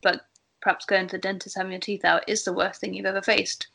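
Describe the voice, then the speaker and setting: Woman, group leader, calm and steady delivery, low pitch movement. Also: fast talker, gravelly. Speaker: Bible study group leader. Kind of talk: casual group discussion.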